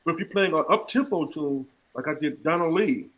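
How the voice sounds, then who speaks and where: Male jazz clinician, fairly high voice, scats examples mid-lecture, playful, video-call audio. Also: fairly quick, slight background noise, low-quality recording. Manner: scat-sings rhythm examples between explanations; animated, humorous teaching. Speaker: jazz music educator. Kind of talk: online music clinic lecture.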